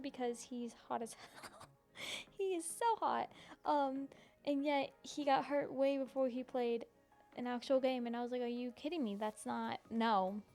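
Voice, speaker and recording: A young woman hosting a casual solo podcast, gushing and giggling, with many ums and likes. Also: a little high. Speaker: podcast host.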